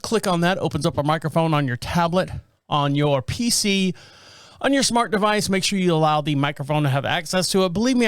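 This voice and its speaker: A middle-aged man with a high, smooth voice hosts his podcast and tells a long everyday story in a loose, rambling way. He acts out the people he met along the way. The sound is close and dry, with no room in it. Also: a bit bright, dry recording. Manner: rambling anecdotal delivery, acts out quoted people. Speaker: podcast host. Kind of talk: casual storytelling monologue.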